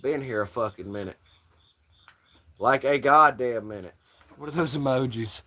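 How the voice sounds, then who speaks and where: A man's voice: medium pitch, normal speed, pauses often, pushed and bright, slight background noise. An American man rambling casually on a livestream, jokey and profane. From United States. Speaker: livestream host.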